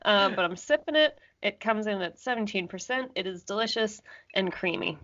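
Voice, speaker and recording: A woman's voice: medium pitch, lively intonation, normal speed, a bit bright. A young woman co-hosting a podcast in casual chat, teasing and dry, laughing often. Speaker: podcast co-host. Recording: dull lo-fi sound.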